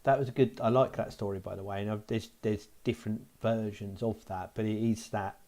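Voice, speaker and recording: A man's voice: on the low side, steady tone, brisk, warm tone. A middle-aged man co-hosting a podcast, talking in a reflective way as he thinks aloud. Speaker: podcast co-host. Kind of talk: casual podcast chat.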